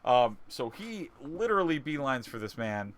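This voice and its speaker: A man's voice: mid-range voice, sing-song, normal speed. A man narrating as game master of a tabletop game, rambling with frequent fillers and laughs.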